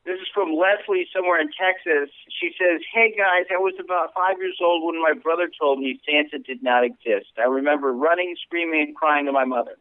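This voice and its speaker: A man's voice: fairly high pitch, a little fast, few pauses, no echo. A man co-hosting a podcast who reads a listener letter earnestly, stumbling and restarting now and then. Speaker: podcast co-host. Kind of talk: reading a listener letter, then casual chat. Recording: tinny, phone-like sound.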